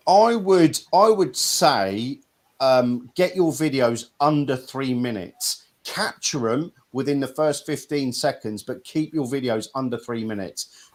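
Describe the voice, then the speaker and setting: A middle-aged man from Norfolk, England, hosting a casual live-stream chat in a blunt, chatty way with some mild swearing. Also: mid-range voice. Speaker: host.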